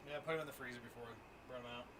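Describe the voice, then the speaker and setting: A man's voice: medium pitch, steady tone, racing. A man chatting and laughing with friends on an outdoor patio, upbeat and swearing. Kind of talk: casual chat. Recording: distant voice in noisy outdoor ambience.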